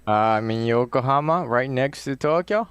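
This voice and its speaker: A man's voice: mid-range voice, expressive, normal speed, smooth, no room sound. A man who is a guest musician, chatting casually and a little hesitantly on a video call.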